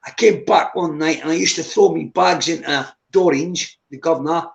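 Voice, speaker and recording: Gravelly Scottish man in his fifties. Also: a little high, moderate pace. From Scotland. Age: 50s. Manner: swears freely, calls listener mate. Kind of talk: casual chat on a live stream. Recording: echoey room.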